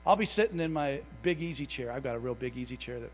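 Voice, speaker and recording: A man in his thirties preaching a conversational sermon, telling folksy stories with self-deprecating asides and building to a slow, fervent conviction. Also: mid-range voice, lively intonation, slight background noise. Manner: builds to a louder, slower fervor. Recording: tinny, phone-like sound in a long reverberant hall.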